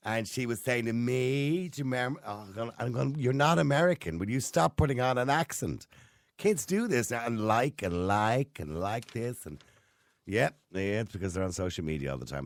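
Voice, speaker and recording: An Irish man hosting a radio phone-in, chatting quickly and readily with callers. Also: lowish voice, no room sound, studio quality. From Ireland. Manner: animated, talks fast and quickly takes calls. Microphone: studio mic.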